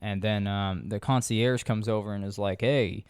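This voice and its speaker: Male podcast host, low-pitched, dry close sound, swears casually and rambles through a sarcastic movie recap. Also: fairly even intonation, moderate pace, a little mellow, smooth, no echo.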